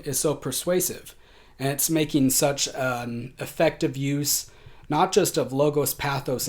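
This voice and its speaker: A man teaching an online college writing class, talking in a conversational way with frequent fillers. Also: medium pitch.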